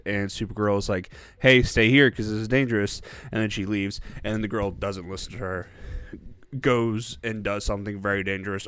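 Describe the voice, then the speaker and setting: A young man giving a casual, rambling movie review vlog, animated and quick to laugh. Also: lowish voice, no echo.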